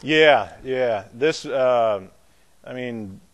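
A man's voice: medium pitch, very slow. A pastor, a man, teaching a Bible class in a loose, conversational way, with restarts and asides to his students. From not from the American South.

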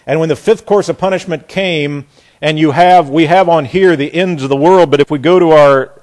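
A man teaching the Bible verse by verse in a lively way. He often restarts and repeats words, and he mocks the quoted speakers with sarcastic asides. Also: a little high, moderate pace. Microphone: chart on a board behind him.

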